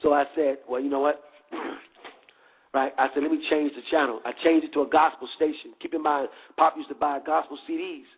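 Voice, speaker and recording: A man's voice: on the high side, little pitch movement, fairly quick, breathy edge, rough recording. A middle-aged man giving a candid testimony in street slang, checking again and again that listeners follow.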